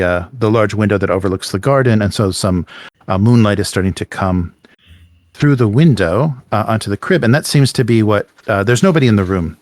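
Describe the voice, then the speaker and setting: Male game master, low voice, dry close sound, hesitant narration full of fillers. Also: a little mellow, no room sound. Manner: halting, many fillers and restarts.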